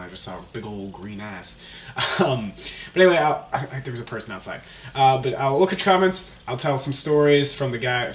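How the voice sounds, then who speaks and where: A man hosting his own vlog, rambling and chuckling as he improvises a comic story, self-mocking as he goes. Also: medium pitch. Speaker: host. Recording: roomy, distant mic, faint hum.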